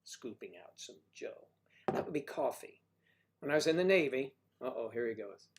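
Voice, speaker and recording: A man with a middle-pitched voice hosts a relaxed livestream chat. He jokes and riffs on viewers' names and hometowns. He jumps from loud bursts to muttered asides. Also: moderate pace. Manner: playful, jokey, riffing on viewers' names and places. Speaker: livestream host. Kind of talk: casual chat reading viewer comments.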